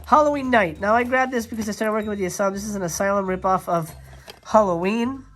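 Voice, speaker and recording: A man's voice: high voice, fast talker, a bit bright. A man hosting a casual video tour of his movie collection, talking enthusiastically and rambling with lots of fillers and restarts. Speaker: YouTube host. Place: home movie room.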